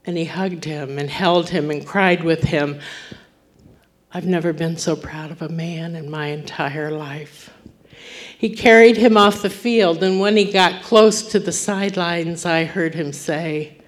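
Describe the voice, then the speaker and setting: Slow, low-voiced woman preacher. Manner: dramatic, swings from forceful to near-whispered. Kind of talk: sermon storytelling.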